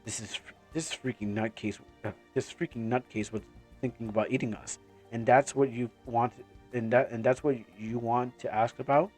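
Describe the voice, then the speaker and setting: A man's voice: mid-range voice, steady tone, moderate pace, darkish tone, soft background music, pitched below the performer's own voice, natural voice. A man voicing a wary, sarcastic young hero who mutters his lines, in a fan comic dub.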